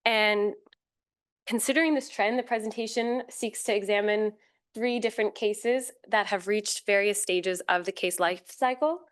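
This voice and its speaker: Woman presenting at a conference panel, smooth voice, measured and formal, the odd um and restart. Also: medium pitch. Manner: formal, measured, with occasional fillers and self-corrections.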